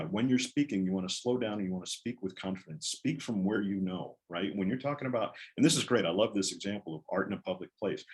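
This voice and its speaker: A man's voice: sits low, darkish tone. A man giving a public speaking workshop, talking in a conversational and encouraging way with frequent fillers and restarts. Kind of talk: workshop talk.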